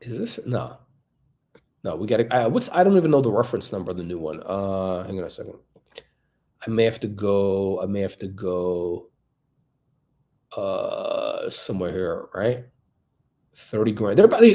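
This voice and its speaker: A man's voice: fairly low pitch, dark tone. A male watch channel host giving blunt, crude, rambling off-the-cuff commentary.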